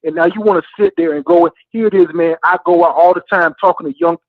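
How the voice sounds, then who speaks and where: A man's voice: sits high, quick pace, vocal fry, no room sound. Fired-up man ranting on a phone line. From Florida A&M alumnus. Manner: passionate, frustrated, repeats "man". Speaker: caller. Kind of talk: heated call-in rant.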